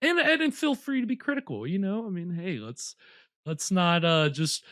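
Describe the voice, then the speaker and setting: A man's voice: high voice, animated, moderate pace, a bit bright, no echo. A young man hosts a live movie night in a loose, rambling way. He keeps restarting and circling back with lots of filler. The sound is dry and close. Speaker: host. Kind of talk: casual chat.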